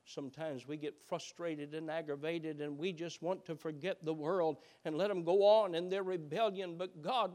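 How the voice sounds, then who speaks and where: A male pastor preaching a sermon, swinging between soft, quiet stretches and impassioned, rising passages. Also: a little high. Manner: builds to impassioned shouting, then drops soft.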